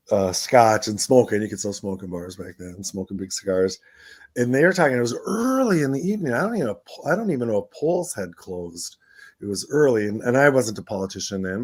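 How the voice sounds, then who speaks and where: A man co-hosting a radio talk show, telling lively stories and acting out quoted voices, often laughing. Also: fairly low pitch, no room sound. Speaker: radio show co-host, former city council member. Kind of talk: casual storytelling radio conversation.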